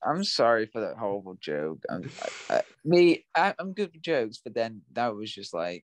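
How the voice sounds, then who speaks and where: A man's voice: lowish voice, sing-song, normal speed, slight background noise. A man co-hosting a film podcast in casual chat, flustered and apologetic, stammering often. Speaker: podcast co-host.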